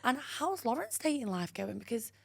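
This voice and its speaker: A young woman, co-hosting a podcast and telling stories in a chatty, animated way. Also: fairly high pitch, moderate pace, creaky, slightly rough, no room sound. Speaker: podcast co-host. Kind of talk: casual chat.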